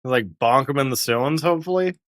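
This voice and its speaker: A young man with a stuffy nose, streaming a game and joking, rambling and reacting loudly as he plays. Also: medium pitch, a little fast, dry recording. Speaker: livestreamer. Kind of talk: casual live gameplay commentary.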